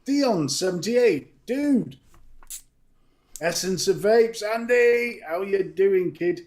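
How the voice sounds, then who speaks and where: A man's voice: high-pitched, expressive, slow pace, a little mellow. A man co-hosting a live stream, greeting chat viewers one by one with affectionate nicknames and frequent laughter. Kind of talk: casual chat. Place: home studio for a live stream.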